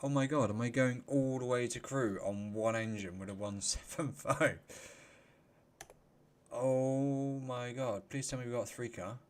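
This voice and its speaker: A man hosting a casual live stream, chatty and quick to laugh, greeting viewers by name. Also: mid-range voice. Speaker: livestream host.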